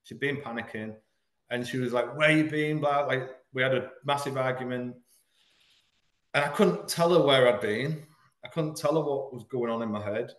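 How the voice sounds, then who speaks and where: Speaking with blunt honesty, this man from Hull, England, shares a difficult personal story as a podcast guest. His voice sits in the middle range and echoes around the room. He is earnest, and at the heaviest moments he pauses and trips over his words before carrying on.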